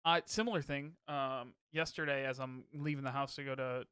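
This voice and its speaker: Smooth-voiced dad chatting on a podcast. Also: male voice, mid-range voice, fairly even intonation, moderate pace, pushed and bright, dry recording, clean studio sound. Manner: chatty, self-deprecating, laughs easily. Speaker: podcast co-host. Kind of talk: casual chat.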